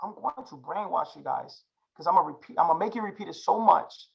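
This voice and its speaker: A man's voice: high-pitched, fast talker, creaky, breathy edge, lo-fi sound. A young man teaching a live chart-reading class, slangy and hyped, drilling his students with repeated questions. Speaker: trading instructor.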